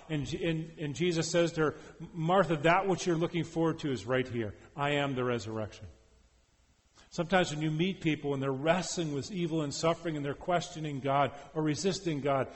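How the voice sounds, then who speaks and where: A man preaching in a large hall, his voice carrying a long reverb tail. His pitch sits a little high for a man. He swings between loud, emphatic lines and quiet, hushed ones. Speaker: preacher and professor. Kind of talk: sermon.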